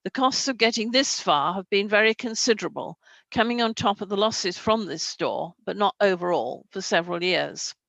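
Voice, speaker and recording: A woman's voice: medium pitch, creaky, a bit bright, dry recording, low-quality recording. A woman, a councillor reading a prepared statement steadily from her notes on a video call. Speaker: councillor speaking on an application.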